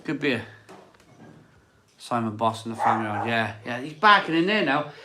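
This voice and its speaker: With a mid-range, very animated voice at moderate speed, a man hosts a casual beer channel live stream over background noise. He reads viewer comments, chats, rambles, repeats phrases and laughs often.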